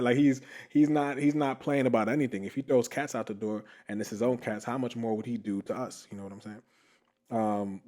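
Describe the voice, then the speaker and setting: A young man hosting a podcast, telling a story casually with lots of fillers and laughter. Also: on the low side. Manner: animated, laughing, many fillers. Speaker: podcast host.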